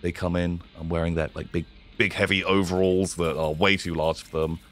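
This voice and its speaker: A man's voice: deep voice, little pitch movement, fairly quick, fairly bright tone, faint music behind. A man narrating as game master in a hesitant way with many fillers.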